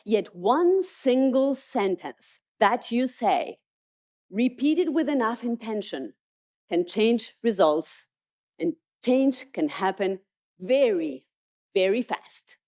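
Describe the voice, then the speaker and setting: A woman's voice: on the high side, very animated, takes it slowly, dark tone. A woman motivational speaker telling stories emphatically in a keynote. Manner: storytelling, emphatic. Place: conference stage.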